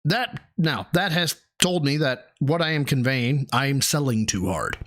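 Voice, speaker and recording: A man's voice: medium pitch, measured pace, a bit bright. A man hosting a stream, reacting to a video with profane, mocking commentary. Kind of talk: casual commentary.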